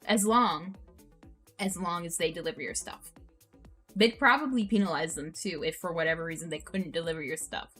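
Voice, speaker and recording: A woman streamer reacting to posts and telling stories in an animated, profane, ranting way. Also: fairly low pitch, normal speed, slightly rough, soft background music. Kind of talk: casual storytelling stream.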